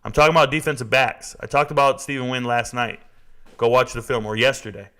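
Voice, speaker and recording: A man's voice: medium pitch, a little fast. A man in his forties hosting a sports live stream, talking casually and answering chat. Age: 40s. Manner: animated, reads and answers chat.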